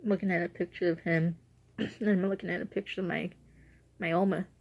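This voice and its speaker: A woman's voice: on the low side, fairly even intonation, fairly quick, gravelly, muffled recording. A young woman talking casually in a rambling, self-correcting way on her vlog, emotional as she remembers her late dog. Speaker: vlogger.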